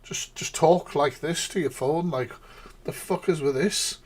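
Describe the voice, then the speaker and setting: A man's voice: a little high, unhurried. A man hosting a live reaction stream, rambling and laughing, with sarcastic asides. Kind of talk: casual live-stream commentary.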